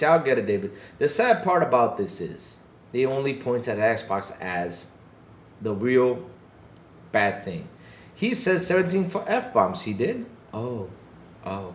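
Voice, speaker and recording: Animated man hosting a livestream podcast. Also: medium pitch, takes it slowly, reverberant, slight background noise. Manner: animated, swears freely, acts out quotes. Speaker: podcast host. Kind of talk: casual livestream podcast chat.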